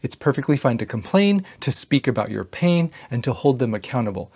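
Male host, relationship advice monologue, earnest and emphatic, mid pitch. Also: very animated, brisk, darkish tone, breathy edge. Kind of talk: direct-to-camera advice talk.

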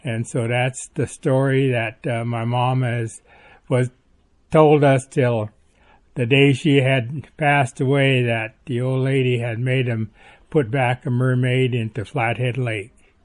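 A man from northwestern Montana retelling a family story in a slow, halting way with many pauses and fillers. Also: mid-range voice, steady tone.

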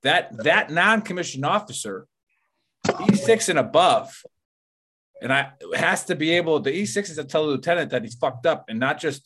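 A man's voice: fairly high pitch, lively intonation, moderate pace, fairly bright tone. A man hosting a podcast in casual chat, rambling and profane, leaning on "like" and "you know". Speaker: podcast host.

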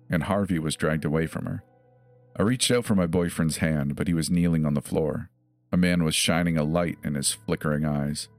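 A man telling a horror story in a measured, grave first-person narration. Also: very deep voice, no echo. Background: faint music.

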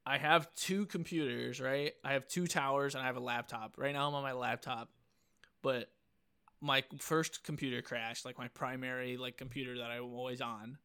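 A man's voice: medium pitch, steady tone, normal speed, pushed and bright, clean tone. A young man co-hosting a casual podcast, rambling and swearing, with "like" in nearly every phrase. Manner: rambling, profane, full of "like". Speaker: podcast co-host.

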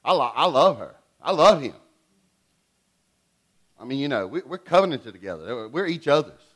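A middle-aged man preaching a sermon in an animated way, swinging between loud and hushed delivery. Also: medium pitch, normal speed. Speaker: pastor.

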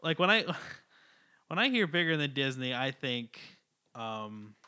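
A man co-hosting a casual podcast chat, laughing often and halting with fillers. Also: medium pitch, sing-song, pushed and bright, clean tone. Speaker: podcast co-host.

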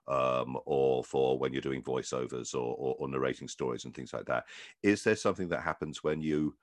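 A man's voice: extremely low pitch, no echo, studio quality. A man hosting an interview, asking thoughtful, long winding questions with restarts. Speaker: interview host. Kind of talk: casual interview chat.

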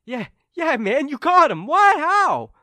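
A man voicing two gullible henchmen who stammer in shrill amazement and alarm. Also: sing-song, slow, pushed and bright, no room sound, exaggerated voice. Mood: amazed. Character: startled henchmen, excitable and gullible.

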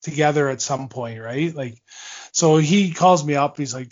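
A man's voice: medium pitch, unhurried, a little mellow, lo-fi sound. A man in his forties, a former hockey player, telling long stories in a casual interview, rambling with fillers, restarts and laughs.

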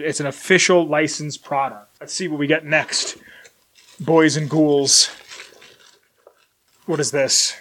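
A young man talking on a slightly high voice, rambling through an unboxing at home. He wanders off on tangents, jokes at his own expense, and now and then jumps sharply up in pitch when something excites him. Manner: rambling, self-deprecating, bursts of loud excitement. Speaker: collector unboxing merchandise. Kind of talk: casual unboxing vlog. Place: home room with collectibles shelf.

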